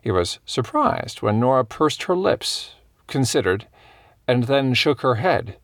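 Gravelly male audiobook narrator. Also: medium pitch, big pitch swings, unhurried, no room sound, studio quality. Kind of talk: scripted narration of a cozy mystery.

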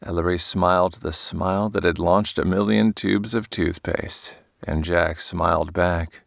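A man reads a novel aloud with deep, gravelly fry in his low voice. His delivery is measured and steady, and the recording is dry and close with no room sound. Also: dry recording. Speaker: audiobook narrator. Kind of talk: scripted narration.

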